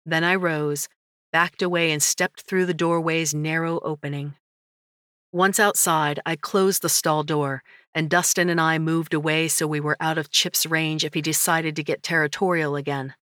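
Low-voiced woman narrating a story. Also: steady tone, moderate pace, fairly bright tone, no echo, clean studio sound. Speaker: audiobook narrator. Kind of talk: scripted first-person narration.

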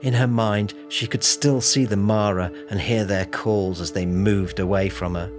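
A man narrating an audiobook in a steady, measured storytelling manner, over music. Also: on the low side. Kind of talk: scripted narration.

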